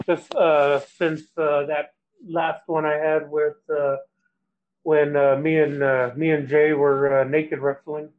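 A high-pitched young man tells a long rambling story, stumbling over his words and breaking into lively quoted voices. His voice comes through a thin, phone-like line. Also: slow. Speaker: guest. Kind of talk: casual storytelling chat.

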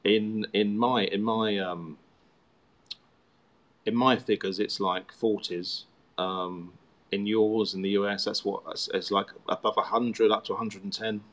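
A man with a fairly low voice talks casually as a guest author. He rambles through his stories with self-mocking humor, full of fillers and restarts. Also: fairly even intonation, measured pace, a bit bright. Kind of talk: casual chat.

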